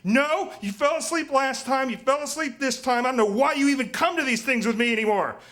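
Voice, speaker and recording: A man voicing a furious wealthy woman patient, shrill and scolding, on a live storytelling stage. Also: brisk, fairly bright tone. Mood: accusing.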